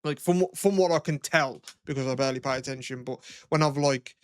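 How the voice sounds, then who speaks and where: A man's voice: mid-range voice, a little fast, smooth, no room sound, studio quality. A young man, co-hosting a podcast in casual chat, rambling and swearing freely as he tells stories. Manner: rambling, swears a lot, animated retelling. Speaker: podcast co-host.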